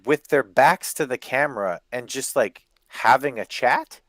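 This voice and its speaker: A man's voice: mid-range voice, a little slow, a bit bright, no room sound. Dry sarcastic man reviewing wrestling. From Canada. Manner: dry, sarcastic, swears freely. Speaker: podcast co-host. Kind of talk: casual wrestling review chat.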